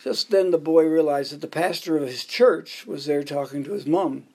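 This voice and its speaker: A man preaching in a church, voice pitched a little high with a gravelly, husky edge. He delivers a sermon laced with joke stories and ticks through numbered points one by one. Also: moderate pace, darkish tone. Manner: jokey storytelling, counting off points. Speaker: pastor.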